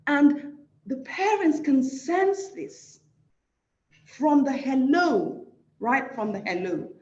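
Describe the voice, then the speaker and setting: A woman's voice: high-pitched, big pitch swings, takes it slowly, darkish tone, reverberant, highs cut off. Emphatic Nigerian woman giving a lecture. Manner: emphatic, repeats phrases for stress. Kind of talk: award lecture.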